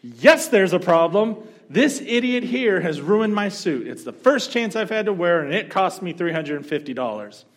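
A man doing a furious diner yelling. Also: sits high, expressive, moderate pace, hardly any pauses, pitched above the performer's own voice. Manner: yelling, indignant. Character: rude angry male diner in ruined suit.

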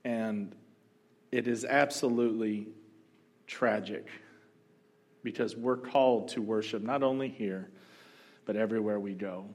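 A male pastor telling a story during a sermon, animated and joking now and then. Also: fairly low pitch, a little slow, pauses often. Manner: storytelling, animated, humorous asides.

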